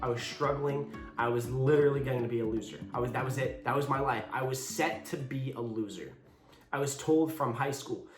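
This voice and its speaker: A man's voice: mid-range voice, a little fast. A young man telling a personal story in a casual vlog, candid and blunt, acting out the lines of the people in it. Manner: candid, blunt, with swearing and quoted dialogue. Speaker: YouTuber telling his story. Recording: echoey room with faint guitar music.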